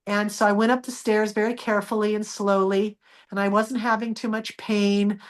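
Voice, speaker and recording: A woman's voice: mid-range voice, level tone, moderate pace. A woman guest in an interview, earnestly telling a personal story and acting out the dialogue she remembers.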